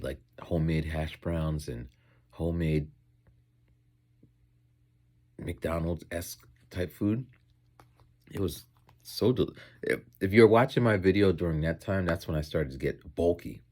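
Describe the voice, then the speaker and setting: A man's voice: rumbling low, unhurried, long pauses, a little mellow. A man who teaches in Japan, chatting casually in a rambling vlog while eating, going off on tangents and acting out voices.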